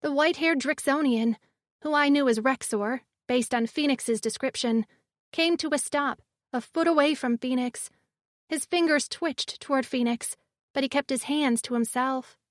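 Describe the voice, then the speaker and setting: High-voiced woman narrating an audiobook. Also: normal speed, dry recording, studio quality. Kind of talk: first-person audiobook narration.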